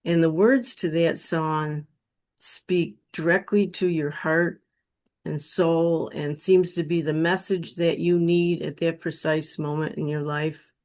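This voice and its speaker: Woman, lowish voice, earnest, emotional, unhurried personal storytelling. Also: fairly even intonation, darkish tone. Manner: slow, earnest, emotional retelling. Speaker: guest telling her near-death experience.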